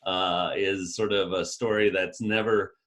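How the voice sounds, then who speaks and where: Game leader: a man with a lower voice, light and joking over a video call. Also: steady tone, measured pace, a bit bright. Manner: playful, explaining rules with light laughs. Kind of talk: casual video-call chat.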